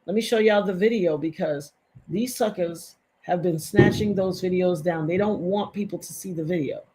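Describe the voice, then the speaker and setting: A woman's voice: fairly low pitch, moderate pace, warm tone. A middle-aged woman giving impassioned, emphatic live-stream commentary to her chat, repeating points for stress.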